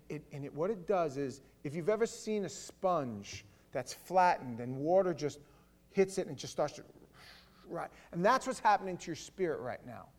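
A man pastor giving a conversational sermon with stammering restarts, swelling into loud fervor. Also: on the high side.

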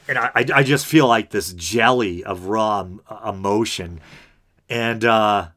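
Low-voiced man in a rambling podcast monologue. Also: pushed and bright. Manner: rambling and earnest, with many fillers and restarts. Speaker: podcast host.

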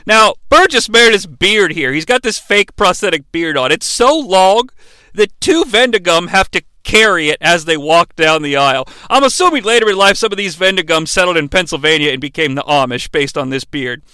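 A man riffing sarcastically through a bad movie in a lively, profane comedic review. His voice is high and bright, and it swings a lot in pitch. It is recorded close in a dry space. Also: moderate pace, clear, resonant tone, no room sound.

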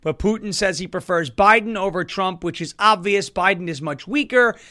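A man's voice: high-pitched, normal speed, bright, forceful tone. A male host of a political commentary show, talking in a sarcastic, joking way.

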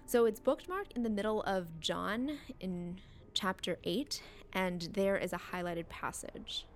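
A woman running a tabletop role-playing game, narrating scenes in a relaxed, descriptive way. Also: medium pitch, measured pace, slight background noise. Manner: relaxed, descriptive, some fillers. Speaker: game master.

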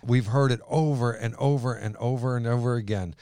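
A man's voice: medium pitch, fairly even intonation, a little fast, mellow, no echo, clean studio sound. A man co-hosting a faith talk who reads scripture aloud and repeats words for emphasis. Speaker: co-host reading scripture.

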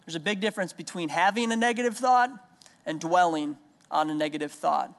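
With a creaky, fairly high voice at a slightly fast pace, this thirtysomething pastor delivers a heartfelt sermon built on everyday stories and key lines said again for emphasis. The sound carries long hall reverb.

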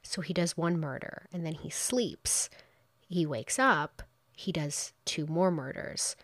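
Donna chiacchierona dalla voce bassa. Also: female voice, slow, no room sound. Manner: animated, quotes people in playful voices, exclaims. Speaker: true crime storyteller. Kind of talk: casual true crime retelling.

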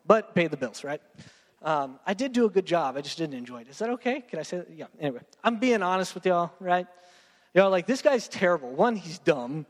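A man's voice: fairly high pitch, in a large hall. A young man, preaching a sermon in a casual, joking way and talking straight to his congregation. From Texas. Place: church sanctuary.

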